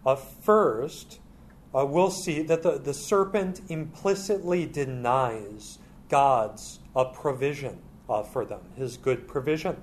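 A man teaching through a Bible passage in a halting way, with many filler sounds. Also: mid-range voice, a little hiss or hum.

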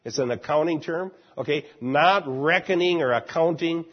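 A man leads a Bible study, laying out his reading of a passage and checking in with the class. His voice is a touch husky and sits a little high. The recording is muffled and lo-fi. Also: moderate pace, hardly any pauses. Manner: explanatory, asks the class questions. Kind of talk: Bible class lecture and discussion.

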